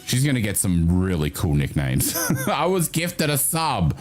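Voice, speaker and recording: Over soft background music, a man hosts a livestream, chatting casually with viewers at an unhurried pace with few pauses. He's animated and chatty, swears freely, and his pitch jumps up.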